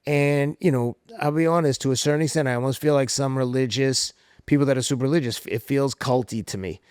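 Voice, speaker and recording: A man's voice: mid-range voice, a little fast, clear, resonant tone, no room sound, clean studio sound. A middle-aged man from Somerville, Massachusetts, hosting a casual chat and telling stories with acted-out voices. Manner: animated storytelling, acts out quoted voices. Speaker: podcast host.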